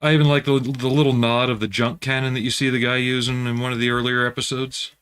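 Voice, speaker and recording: Man, casual livestream host, relaxed and chatty, answers viewers while working, mid-pitched voice. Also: fast talker, clear, resonant tone. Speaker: livestream host building scale models.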